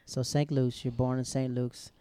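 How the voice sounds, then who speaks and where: A man's voice: medium pitch, level tone, moderate pace, mellow, smooth, no echo. A man hosting a casual interview, asking teasing questions and laughing easily. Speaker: host.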